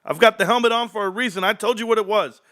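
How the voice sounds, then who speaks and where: Hyped high-voiced man ranting on a livestream. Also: fast talker. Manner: hyped, loud and rambling, jumping between topics. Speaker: stock market livestream host. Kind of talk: excited livestream rant to a live chat.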